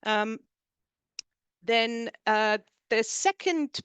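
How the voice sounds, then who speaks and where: A woman's voice: a little high, very slow, fairly bright tone, smooth, dry recording, muffled recording. A woman whose first language is German, presenting her book in an online seminar talk and explaining her points in lists. She speaks over a video call.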